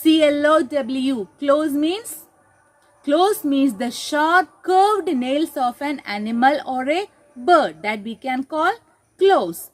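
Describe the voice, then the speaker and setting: Indian english teacher lady reading a story to little kids, high lively voice, stops to explain words. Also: rough recording. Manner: slow, explains words, spells them out. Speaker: kindergarten teacher. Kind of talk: storytelling lesson for young children.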